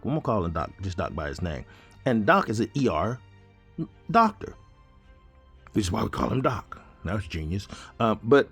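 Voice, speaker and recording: Male host, casual storyteller, husky voice, lively pitch, jokey asides. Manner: animated, joking, conversational. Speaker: show host telling his story.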